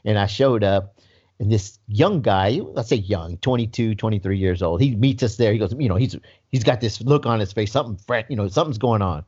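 A man's voice: lowish voice, brisk, slightly rough, muffled recording. A man who works as a paramedic, casually telling a work story on a podcast and laughing often as he acts out the people in it. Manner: animated, laughs often, acts out voices in his stories.

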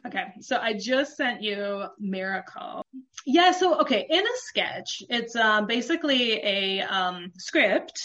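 A woman's voice: mid-range voice, animated, unhurried, fairly bright tone. A woman talking about her comedy book in casual chat, with lots of fillers. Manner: chatty, laughs often, lots of fillers. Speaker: comedy book author, guest.

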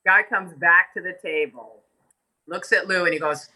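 An older American woman, a podcast guest, telling stories in a casual, animated way, laughing often and acting out the voices of the people in them. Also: lowish voice, moderate pace, poor audio. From United States. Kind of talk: casual storytelling interview.

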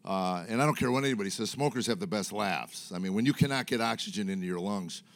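This middle-aged comic delivers his stand-up set to a live crowd, rambling through self-mocking anecdotes heavy on fillers. He speaks fast, with a fairly low pitch.

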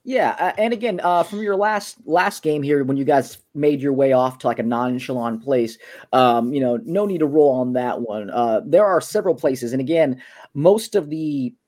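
A man's voice: mid-range voice, expressive, normal speed, a little mellow. A man narrating a tabletop game as game master, describing the scene casually with plenty of fillers.

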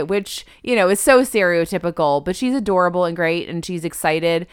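Animated woman recapping a show. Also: lowish voice, normal speed, clean tone, no echo, clean studio sound. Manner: animated, quotes characters in bright exaggerated voices. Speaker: podcast co-host. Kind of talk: casual chat recapping a TV show.

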